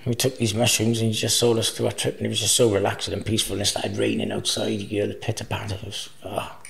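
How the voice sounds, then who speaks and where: A man in his forties, guesting on a podcast, tells rambling stories with plenty of swearing and frequent laughter in a casual interview. His voice is fairly low and creaky, quick-paced, with little pitch movement. The room has a noticeable echo.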